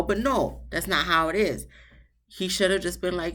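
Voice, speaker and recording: A chatty, opinionated woman hosts a casual reality TV episode recap at normal speed with a fairly bright tone. She speaks straight to the couples on the show, jumping to a high, emphatic pitch when she does, and laughs at her own asides.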